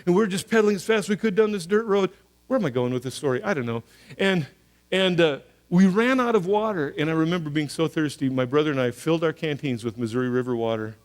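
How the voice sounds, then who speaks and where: A high-pitched man delivers a sermon. He tells the story with acted-out voices for the characters, jumping from loud, raised lines to low, quiet asides. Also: fast talker. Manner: storytelling, acts out voices of soldiers and God, animated swings in pitch and loudness. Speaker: pastor.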